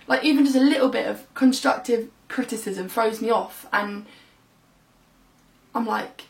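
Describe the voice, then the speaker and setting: A young woman talks straight into her camera in a loose, rambling vlog, padding her thoughts with fillers. Her voice sits a little high and carries a gravelly fry. It has the easy, unscripted sound of someone chatting alone at home. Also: steady tone, a little fast. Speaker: vlogger. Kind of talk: casual talk to camera. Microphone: camera mic.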